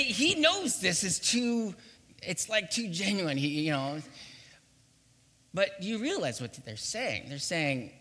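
Animated, bright-voiced male pastor preaching. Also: fairly high pitch, measured pace, long reverb tail. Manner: animated and playful, acting out quotes with laughs. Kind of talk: sermon.

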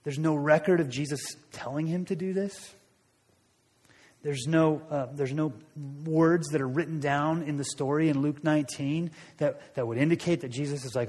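A man's voice: a little high, steady tone, normal speed, a little mellow, breathy edge, big-room sound. A man preaching a sermon, telling a story in a loose, conversational way with frequent restarts. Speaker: pastor.

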